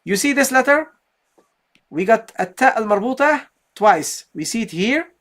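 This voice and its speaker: In a live online lesson, a woman teaches Quran recitation with a slightly high, slightly bright, expressive voice at a moderate pace. She explains step by step, asks and answers her own questions, and often checks in with "okay, guys?".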